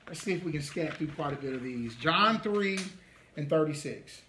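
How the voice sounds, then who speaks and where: A man's voice: fairly high pitch, expressive, normal speed, pushed and bright, a little hiss or hum. A man teaching an interactive Bible study, leaning hard on key points and stretching words for emphasis. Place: congregation meeting room.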